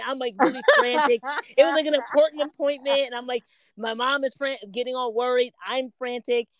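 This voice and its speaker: A woman co-hosting a podcast in casual chat, telling stories with lively self-quotes. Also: sits high, fairly quick, no echo. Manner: animated storytelling, quotes herself and others. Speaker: podcast co-host.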